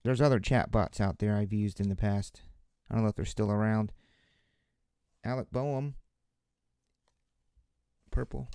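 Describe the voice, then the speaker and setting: A man's voice: fairly low pitch, steady tone, unhurried, pauses often, mellow, clear, resonant tone, dry recording, studio quality. A man hosting a casual live card-break stream, chatting with viewers and calling out player names as they come up. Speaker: card-breaking livestream host.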